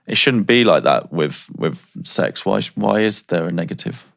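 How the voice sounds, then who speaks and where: A man's voice: low voice, expressive, moderate pace, vocal fry, a bit bright. A man co-hosting a podcast, chatting thoughtfully and asking questions. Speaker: podcast co-host. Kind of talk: casual podcast chat.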